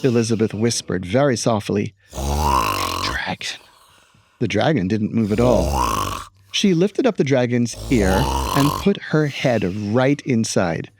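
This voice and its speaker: A man teacher reading a picture book aloud with expressive storytelling and playful asides. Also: medium pitch, unhurried, a little hiss or hum.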